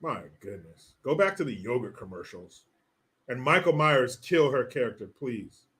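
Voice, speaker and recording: A man's voice: medium pitch, sing-song, moderate pace, fairly bright tone. A man hosting a live-stream commentary show, reading out viewer messages and mocking people with plenty of swearing. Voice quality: mocking, swearing, breaks into laughter. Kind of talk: casual profane commentary.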